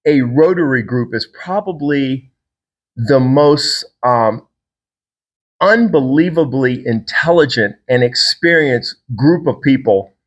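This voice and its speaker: A man from Virginia hosts a solo podcast as a fitness trainer. He tells stories in a casual, enthusiastic and rambling way. His voice sits at an everyday middle pitch.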